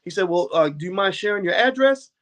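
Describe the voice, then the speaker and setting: American male host, high voice, animated motivational talk with laughs. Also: fast talker, slight background noise. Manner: animated, preachy, laughs often, swears casually. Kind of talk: motivational talk and book reading.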